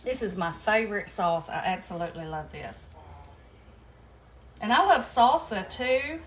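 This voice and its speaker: A woman's voice: mid-range voice, expressive, measured pace. A woman chatting folksily with viewers as she cooks at home, calling them y'all. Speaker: home cooking vlogger. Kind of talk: casual chat while cooking. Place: home kitchen.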